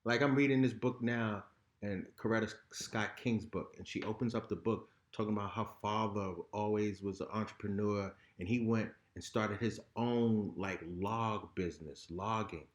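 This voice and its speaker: A man's voice: lowish voice, steady tone, normal speed. Blunt, profane man in a roomy space. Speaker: podcast guest. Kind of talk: raw candid conversation. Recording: roomy echo.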